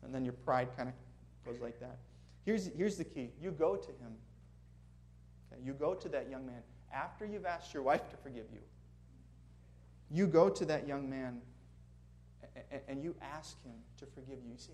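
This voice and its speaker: A man's voice: medium pitch, moderate pace, long pauses, darkish tone, slight background noise. A man preaching a sermon in a conversational way, asking the congregation questions as he goes. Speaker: pastor.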